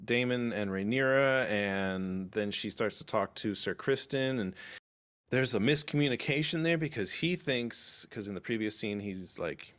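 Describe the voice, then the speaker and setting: A man hosting a casual podcast, recapping a TV episode in a rambling, excitable way and swearing freely. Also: fairly low pitch, a little slow. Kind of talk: casual chat.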